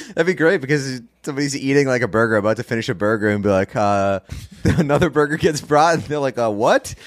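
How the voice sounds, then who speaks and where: A man's voice: mid-range voice, lively intonation, fast, no echo. Laughing man riffing, dry close sound. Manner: laughs along, riffs on jokes. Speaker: podcast co-host. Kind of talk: casual chat.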